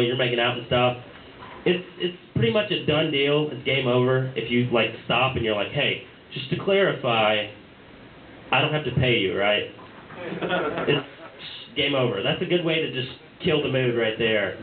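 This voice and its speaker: A man's voice: medium pitch, a little fast, slight background noise. A young man doing a stand-up set in a small bar, rambling with fillers and restarts. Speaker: stand-up comedian. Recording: tinny, echoey amateur bar recording.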